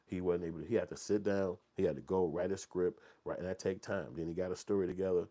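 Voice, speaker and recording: Guy in his 40s, low mellow voice, cussing and rambling thru a story. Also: fast, few pauses. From Chicago. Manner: animated, profane, rambling street talk. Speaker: movie channel host. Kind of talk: casual commentary and storytelling.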